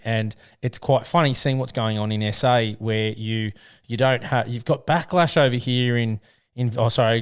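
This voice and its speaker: An Australian man hosts a podcast, building his argument in an earnest, conversational way. His voice is smooth and resonant at a middle pitch. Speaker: podcast host. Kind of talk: casual podcast chat.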